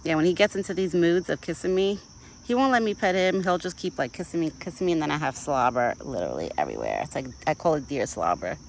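Talking fast with big pitch swings in a low voice, a young vlogger rambles outdoors in a rural yard and coos baby talk at a deer. Her phone camera audio is poor, with a little hiss or hum.

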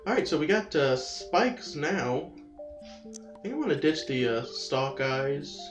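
A man's voice: fairly high pitch, a little slow. Rambling gamer guy, roomy distant sound. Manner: chatty, rambling, excitable yelps when attacked. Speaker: let's-play host. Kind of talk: casual gameplay commentary. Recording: roomy, distant mic, game music behind. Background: game music.

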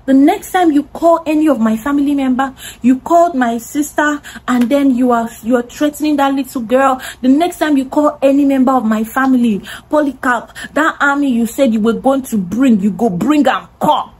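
Woman voicing young man, Nigerian accent, threatening, blustering, husky. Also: very high-pitched, moderate pace, few pauses, pitched above the performer's own voice.

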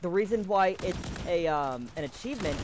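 Lively, swearing game streamer. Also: mid-range voice, fairly quick, background noise. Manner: swears freely, talks to the game, shouts and laughs. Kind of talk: casual gaming chat. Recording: gunfire of a shooter game behind the voice. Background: loud game gunfire.

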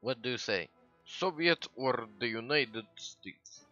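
A man giving casual, excitable commentary while livestreaming a strategy game, swearing and breaking into sudden loud outbursts. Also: mid-range voice, unhurried, highs cut off, faint music behind. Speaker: gaming livestreamer.

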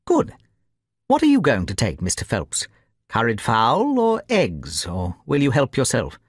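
A man reading Sherlock Holmes, brisk and sure. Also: medium pitch, wildly swooping pitch, no room sound, clean studio sound. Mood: teasing. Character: brisk, confident, teasing male detective.

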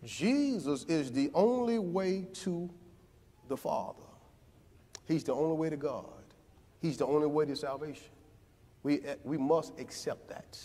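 A man preaching a sermon in a church, building to near shouts and then dropping low again. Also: lively intonation, measured pace, long pauses. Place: church sanctuary. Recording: long church hall reverb.

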